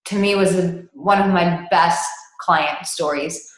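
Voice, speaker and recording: A woman's voice: on the low side, steady tone, slow pace. A woman intimacy coach telling a personal client story in conversation, candid and blunt, with frank profanity. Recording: echoey room.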